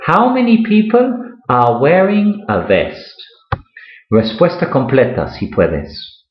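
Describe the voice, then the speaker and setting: Man teaching english, very slow and patient, lively sing-song pitch, echoey dull recording. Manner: slow and patient, repeats each sentence, lively rising praise. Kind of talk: slow, repeated English lesson with Spanish explanations.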